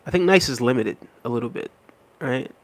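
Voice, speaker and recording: A man hosting a casual livestream, reading out viewer comments and thanking them in a relaxed, easygoing way with soft laughs. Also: medium pitch, brisk. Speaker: livestream host. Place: New York City.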